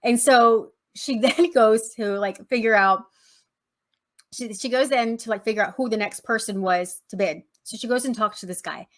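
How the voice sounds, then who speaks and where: A woman's voice: on the high side, moderate pace. A woman business coach teaching casually, retelling a story in a rambling, chatty way.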